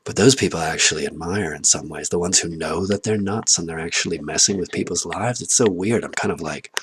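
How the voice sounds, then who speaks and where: A man talking alone to the camera in a rambling personal monologue, swearing often, laughing at himself and swinging between loud outbursts and muttered asides. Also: sits low, a little fast, slightly rough, dry recording. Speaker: vlogger.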